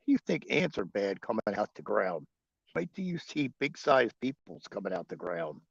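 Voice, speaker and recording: A man's voice: on the low side, big pitch swings, normal speed, vocal fry, husky, no echo, lo-fi sound. A man hosting a livestream, chatting casually and profanely with viewers and chuckling often. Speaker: livestream host.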